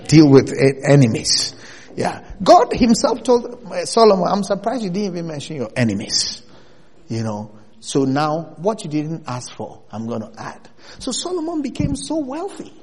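A male pastor preaches with an animated, swinging delivery and a slightly raised pitch. His voice rises into loud bursts as he presses each point. The sound rings out with a long reverb, as if recorded in a large church hall. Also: husky. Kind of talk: sermon.

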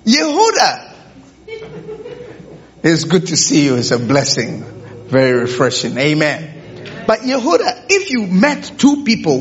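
A man preaching a sermon to a congregation, often stopping to ask whether they understand, on a dull lo-fi recording. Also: sits high. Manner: keeps checking in with the congregation with rhetorical questions.

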